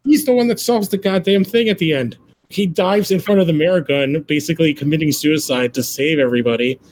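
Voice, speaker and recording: A man's voice: a little high, brisk, a little mellow, dry recording, low-quality recording. A man co-hosting a casual podcast, speaking emphatically, swearing and mimicking lines of dialogue. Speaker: podcast co-host. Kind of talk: casual chat.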